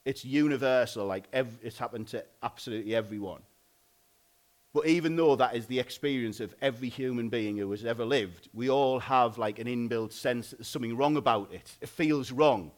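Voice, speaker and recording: Casual preacher. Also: male voice, mid-range voice, brisk. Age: adult, married. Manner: informal, conversational, frequent "like" and restarts. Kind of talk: sermon.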